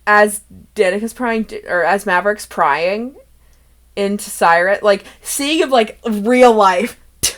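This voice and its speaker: A young woman who runs the game chats loosely about past sessions, her thoughts tumbling out with frequent giggles. Her voice sits at an ordinary middle pitch and her talk drifts easily from one memory to the next. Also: slow, fairly bright tone. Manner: rambling, giggly, laughs often between thoughts. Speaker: game master and host. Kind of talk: casual chat about a tabletop campaign.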